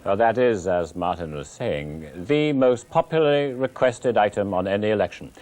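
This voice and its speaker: A male news anchor presenting election night coverage live, measured as he links between reports. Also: fairly low pitch, animated, darkish tone.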